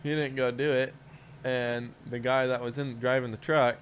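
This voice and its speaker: A man's voice: mid-range voice, little pitch movement, moderate pace, slight background noise. A man in casual podcast chat, telling work stories in a rambling, profane way with lots of restarts.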